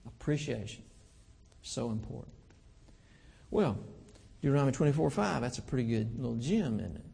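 A gravelly, husky man in his fifties preaches a sermon, folksy and earnest, his pitch rising and falling widely. He slows down to press a point home. His voice carries a long hall reverb, as if in a church sanctuary. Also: lively intonation, warm tone. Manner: folksy, earnest preaching with slow emphatic pauses.

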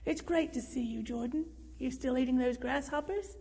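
A woman voicing a gentle, earnest, plain-spoken young man. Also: sits high, steady tone, normal speed, slightly rough. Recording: reverberant room.

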